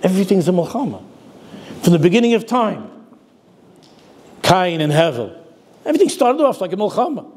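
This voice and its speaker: A man's voice: sits high, very animated, a little fast, long pauses, a little mellow, husky. An older man, a rabbi giving a sermon, telling stories and dropping Yiddish and Hebrew words into his talk.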